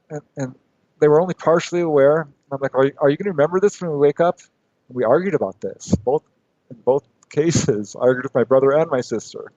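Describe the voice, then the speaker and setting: A man's voice: medium pitch, a little mellow, no echo. Guy calling in to a radio show, laughs a lot, acts out quotes, muffled dry sound. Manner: laughs often, acts out his own quotes. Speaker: guest. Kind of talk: casual radio interview.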